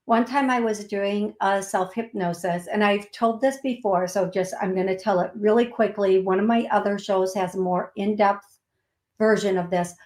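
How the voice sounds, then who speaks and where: A woman with an Upper Midwest accent hosting a call-in psychic show, calling people love in a soothing, unhurried way. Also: medium pitch, fairly even intonation, reverberant. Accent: Upper Midwest American. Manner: warm, calls people love, slow and soothing; laughs at herself, gets giggly. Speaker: psychic medium host.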